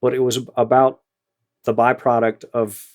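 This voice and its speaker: A man's voice: medium pitch, flat delivery, normal speed, a little mellow. Chatty retired band director, man. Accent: Louisiana. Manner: storytelling, many repeated words and fillers. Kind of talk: casual interview answers.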